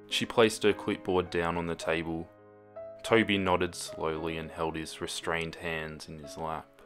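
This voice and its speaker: Deep-voiced male horror story narrator. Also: a little slow. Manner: steady, dramatic reading with hushed moments. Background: music.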